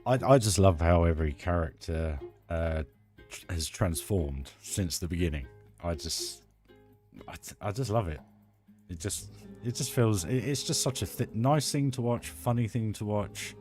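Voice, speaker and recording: A British man with a deep, low voice chats away while he streams a game build. He is enthusiastic and rambles, restarting his sentences often. Faint music plays underneath. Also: moderate pace, a little mellow. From United Kingdom. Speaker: live streamer. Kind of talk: casual live-stream chat while building.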